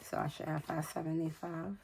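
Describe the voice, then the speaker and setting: A woman's voice: deep voice, flat delivery, fairly quick, vocal fry, darkish tone, a little hiss or hum. A woman in her forties from New York City, chatting casually and counting money aloud as she tells stories. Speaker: budgeting vlogger. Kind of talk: casual chat while cash stuffing.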